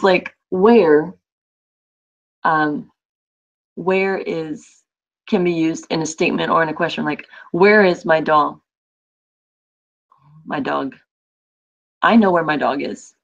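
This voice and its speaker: A woman teacher runs an online class, explaining points with chatty examples and side remarks. Her voice sits a little low. The audio is dull and lo-fi. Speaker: Spanish teacher.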